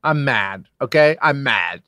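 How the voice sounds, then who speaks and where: Sarcastic podcast co-host, animated, dry. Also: medium pitch, slow pace, no room sound. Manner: sarcastic, mock-outraged, drops to a mutter. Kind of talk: casual comic banter.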